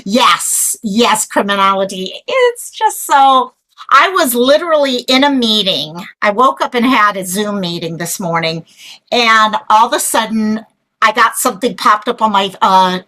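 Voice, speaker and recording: A woman hosting a casual livestream chat, excitable and rambling as she greets viewers and a guest. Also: medium pitch, measured pace, rough recording. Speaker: livestream host.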